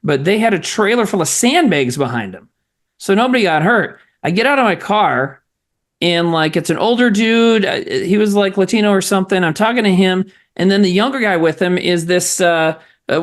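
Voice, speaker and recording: A male podcast host who tells stories in loose comedy chat, swearing freely as he goes. His pitch swings widely and his delivery is animated. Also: fairly quick. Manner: animated, profane storytelling.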